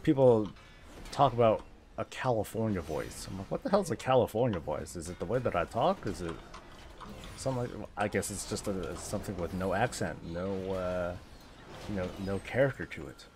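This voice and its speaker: A man's voice: low-pitched, normal speed, a little mellow, a little hiss or hum. Rambling, jokey man streamer. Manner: rambling, jokey, laughs often. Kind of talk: casual stream chat while gaming.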